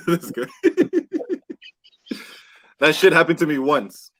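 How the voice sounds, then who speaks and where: A man telling a wild story on a casual podcast with friends, animated and swearing, acting out what people said. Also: on the high side, drawn-out words, very noisy. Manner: animated, swears a lot, acts out quotes. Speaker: podcast host. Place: indoor podcast room with friends.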